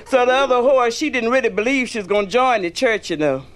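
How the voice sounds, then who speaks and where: A woman's voice: on the high side, animated, quick pace. A woman comedian telling bawdy jokes in a folksy, salty manner, calling her listeners honey and baby. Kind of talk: bawdy stand-up storytelling.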